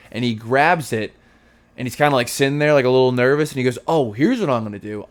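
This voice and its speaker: A man in his thirties reviewing a movie in a casual, jokey, sarcastic way, rambling through the plot. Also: medium pitch.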